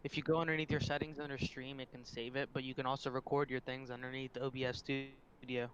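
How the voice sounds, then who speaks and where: A man's voice: mid-range voice, flat delivery, quick pace, a bit bright, highs cut off, a little hiss or hum. A young man co-hosting a stream, telling rambling stories with a lot of swearing and laughing. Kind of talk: casual stream chat.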